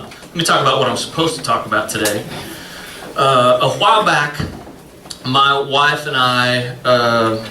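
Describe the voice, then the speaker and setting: A man's voice: mid-range voice, far from the mic, noisy background. A man, a pastor telling a rambling, self-mocking story in a sermon, full of fillers. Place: church sanctuary. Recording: echoey room, voice from off-mic.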